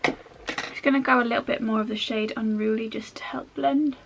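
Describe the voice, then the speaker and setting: A woman's voice: on the high side, fairly even intonation, moderate pace, creaky, a little hiss or hum. A woman chatting her way through a makeup tutorial at home, rambling with self-mocking asides as she works. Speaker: makeup vlogger.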